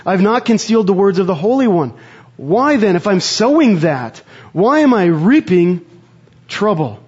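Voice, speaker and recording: A man preaching a sermon in an earnest, conversational way, pausing to reflect. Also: high-pitched, a little mellow, muffled recording. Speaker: pastor.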